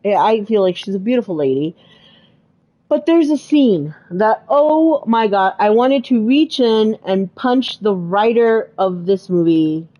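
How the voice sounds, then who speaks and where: Lively, animated woman chatting. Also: mid-range voice, measured pace, highs cut off. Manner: animated, retells scenes with exclamations and filler words. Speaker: podcast co-host. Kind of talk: casual chat.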